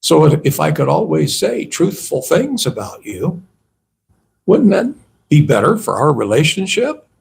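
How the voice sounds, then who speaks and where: Slow, gravelly monk giving a sermon. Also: male voice, a little high, wildly swooping pitch, darkish tone. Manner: conversational, asks the audience rhetorical questions. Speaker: monk giving a temple talk. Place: temple hall.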